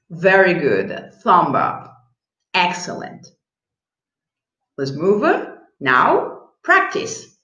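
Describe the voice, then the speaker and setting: A woman teaching an English grammar lesson, slow and encouraging, who repeats example sentences, with slightly non-native phrasing. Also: on the low side, wildly swooping pitch, fairly bright tone. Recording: echoey room, dull lo-fi sound.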